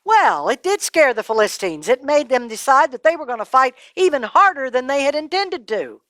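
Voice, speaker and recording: A woman telling a Bible story to children in an animated, dramatic way, dropping her voice to a hush at times. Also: sits high, normal speed, no room sound.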